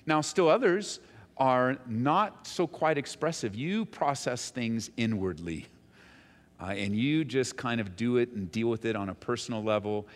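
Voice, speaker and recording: A male pastor delivers an earnest sermon in a church, his voice swelling upward and louder for emphasis, then sinking to a hushed, unhurried tone. His mid-pitched voice carries a long, ringing reverb from the sanctuary. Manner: earnest, rises high and loud when stressing a point, drops soft and slow when tender.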